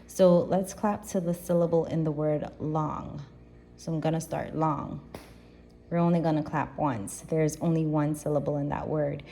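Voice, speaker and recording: A woman teacher gives a primary school grammar lesson, patiently walking the class through each rule and repeating the key points. Her voice sits low and sounds mellow and dark. A faint hiss runs underneath, and she sometimes drifts farther from the mic as she moves around the classroom. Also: fairly even intonation, normal speed. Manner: patient, explains step by step with repetition.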